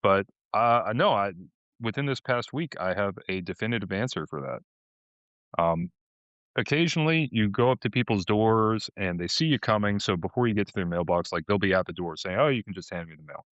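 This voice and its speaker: Bred man with a low voice. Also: lively intonation, brisk, a bit bright, dry recording. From Boston. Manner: rambling storytelling with frequent restarts. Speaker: podcast co-host. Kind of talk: casual podcast chat. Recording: dull lo-fi audio.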